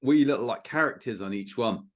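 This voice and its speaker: A man co-hosting a casual podcast, cracking quick, dry jokes. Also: mid-range voice. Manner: quick dry quips, jokey. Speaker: podcast co-host. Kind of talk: casual chat.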